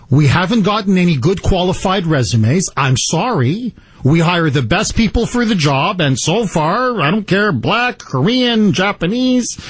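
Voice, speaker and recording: Husky, animated male radio host. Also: sits high, no room sound. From Canada. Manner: animated, sarcastic rhetorical questions. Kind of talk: opinionated talk radio monologue. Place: radio studio. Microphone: studio microphone.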